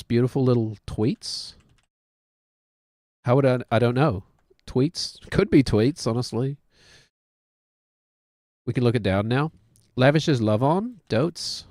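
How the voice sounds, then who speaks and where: A streamer in his thirties with a New Zealand accent chats casually while playing a game, cracking self-mocking jokes. His voice is mid-range and darkish, recorded in studio quality with no echo.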